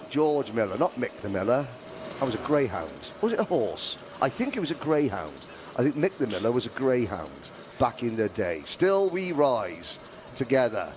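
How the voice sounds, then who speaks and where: Male co-commentator, mid-pitched, chatty and discursive, live kart racing broadcast. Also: slight background noise. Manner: chatty, rambling, with asides and restarts.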